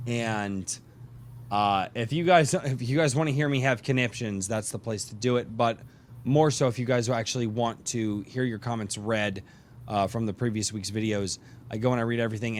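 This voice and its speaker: A middle-aged podcast host with a tired, medium-pitched voice rambles and jokes casually while drinking beer during a live stream. Slight background noise can be heard.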